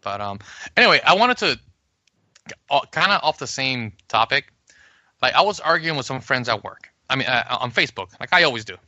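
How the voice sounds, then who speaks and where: Casting: bright, sharp-toned man, podcast co-host, animated, swears freely, dull lo-fi mic. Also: mid-range voice, brisk, no room sound. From Puerto Rico. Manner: animated, swearing, acts out quoted arguments. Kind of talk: casual podcast chat.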